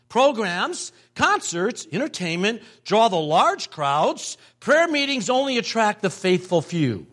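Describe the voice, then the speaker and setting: A man's voice: high-pitched, big pitch swings, unhurried, hardly any pauses, a bit bright. An older man preaching a sermon as a pastor. He tells stories, acts out family members' voices and repeats phrases for emphasis.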